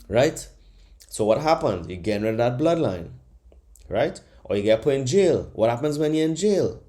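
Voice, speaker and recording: A man hosting a comedy podcast, delivering a profane, animated rant. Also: medium pitch, normal speed. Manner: animated, profane, mocking voices in bursts. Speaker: podcast host.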